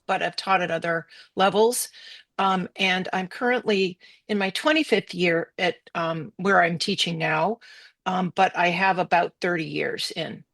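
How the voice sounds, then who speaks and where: A woman in her fifties, a high school teacher, introducing herself in a measured way on a video call. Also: fairly bright tone, no echo. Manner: measured, with fillers.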